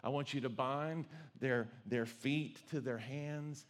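A man's voice: medium pitch, fairly even intonation, takes it slowly, long reverb tail, pitched below the performer's own voice, natural voice. A man voicing a hot-tempered ancient king who barks orders in a sermon retelling. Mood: enraged. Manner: commanding, barking orders. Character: furious tyrant king, male, hot-tempered.

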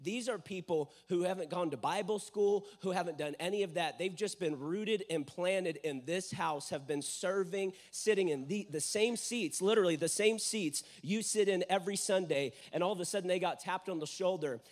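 A man's voice: sits high, moderate pace, few pauses. A man introducing a guest preacher to a church congregation, earnest and encouraging. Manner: earnest, builds to hype. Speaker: church leader introducing speaker. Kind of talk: sermon introduction.

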